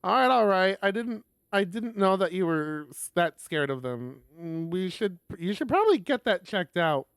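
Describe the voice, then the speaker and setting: A man's voice: high voice, sing-song, moderate pace, vocal fry, hardly any pauses, clean tone, no room sound, clean studio sound. A young man streaming, reading a visual novel aloud with laughing, rambling asides.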